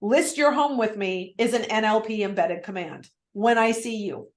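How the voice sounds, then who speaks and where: A woman's voice: medium pitch, moderate pace, roomy sound. A woman real estate coach teaching on a video call, talking with energy and acting out client replies. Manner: energetic, animated, acts out client lines.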